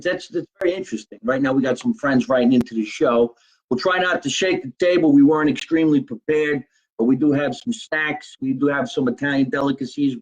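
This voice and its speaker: A man from New Jersey hosting a casual live podcast, talking in an animated way. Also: mid-range voice, muffled recording. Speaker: podcast host.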